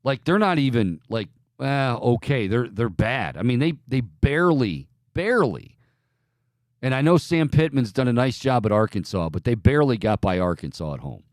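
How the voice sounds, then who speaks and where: A man's voice: medium pitch, big pitch swings, moderate pace, dry recording, studio quality. A man hosting a sports betting show, giving opinionated picks in a loose, joking casual talk.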